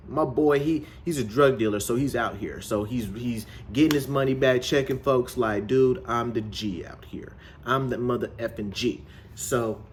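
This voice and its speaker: A man's voice: mid-range voice, slight background noise. Man giving a slangy, casual movie recap. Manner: loose and slangy, leaning on "you know"; animated storytelling recap. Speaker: film reviewer. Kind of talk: casual film review and plot recap.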